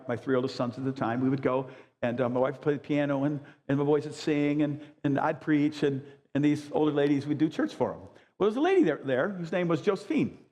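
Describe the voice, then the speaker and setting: A man in his sixties preaching a sermon as a pastor, high-energy and emphatic with folksy asides. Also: darkish tone. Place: church sanctuary. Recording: long church reverb.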